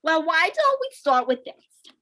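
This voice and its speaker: A woman's voice: very high voice, big pitch swings, measured pace, pushed and bright, exaggerated voice, rough recording. A young woman playing an erratic, short-tempered interviewer with abrupt, theatrical outbursts in an amateur stage comedy. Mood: businesslike. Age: young adult.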